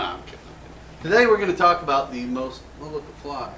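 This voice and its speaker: A man's voice: fairly high pitch, very animated, fast talker, noisy background. An American man hosting a casual gun show, joking and rambling in a self-mocking way. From United States. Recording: roomy echo from a distant mic.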